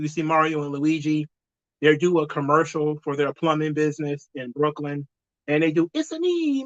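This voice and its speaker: A man's voice: on the high side, pushed and bright, highs cut off. A man giving an opinionated, conversational movie review in a casual spoken style.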